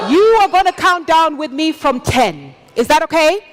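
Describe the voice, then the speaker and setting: A woman emceeing a live awards ceremony on stage, hyping the crowd with energetic, shouted announcements. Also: high-pitched, normal speed, hardly any pauses. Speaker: event emcee. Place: stage of a large live event.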